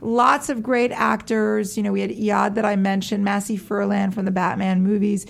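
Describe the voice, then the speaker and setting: A woman's voice: medium pitch, flat delivery, moderate pace, vocal fry. A woman, an actress guest on a radio interview show, chatting casually, laughing often and using lots of "like" and "you know".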